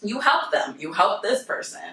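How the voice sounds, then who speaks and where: A young woman speaks to a room of students and tells them a story in a bright, clear voice. She talks to the audience directly and acts out the people in it with lively energy. The sound is roomy and picked up from some distance. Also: medium pitch, normal speed. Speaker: presenter at a university civic engagement center.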